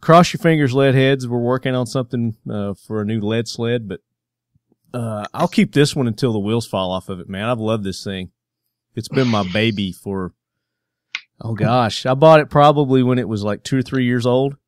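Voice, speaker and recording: A man's voice: mid-range voice, normal speed, dry recording, clean studio sound. A man with a Southern US twang hosting a podcast in casual chat, joking and laughing easily. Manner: laughing, joking, loose and chatty. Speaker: podcast host.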